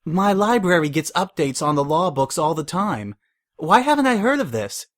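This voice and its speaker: A bookish mare pony in a storybook reading, as a man voices her. She fires off incredulous questions in a raised voice with lively swings. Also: on the high side, pitched above the performer's own voice. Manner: incredulous, quick.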